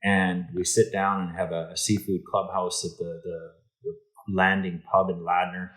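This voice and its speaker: Deep-voiced man telling a story. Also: moderate pace, low-quality recording. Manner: animated storyteller, acts out quoted dialogue, many restarts. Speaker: interview guest, insurance executive. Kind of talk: storytelling in a podcast interview.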